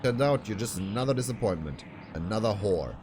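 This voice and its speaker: A man's voice: lowish voice, lively intonation, brisk, noisy background, lightly acted. A man playing a bullying sleazy manager. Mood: scornful. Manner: scornful, bullying. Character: abusive middle-aged male talent manager, bullying.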